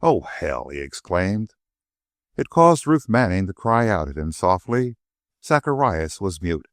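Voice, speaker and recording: A man narrating an audiobook in an expressive, varied delivery on a close mic. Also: on the low side, a little slow, dry recording. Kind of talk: scripted narration.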